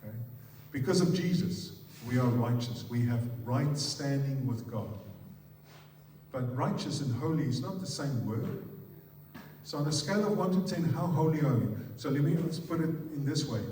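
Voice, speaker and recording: A pastor with an Afrikaans accent preaching a sermon, putting weight on words and repeating them in threes, often putting questions to the congregation. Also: male voice, medium pitch, animated, normal speed, dark tone, slight background noise. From South Africa. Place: church hall. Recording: echoey hall, picked up from far off.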